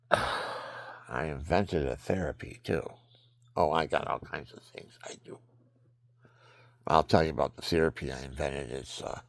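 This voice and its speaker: Older male vlogger, deep gravelly voice, dry close sound; wanders off topic mid-sentence while stretching. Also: dry recording. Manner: digressive, drifting between topics; stretching while talking, breathy hiccups. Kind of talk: rambling casual monologue.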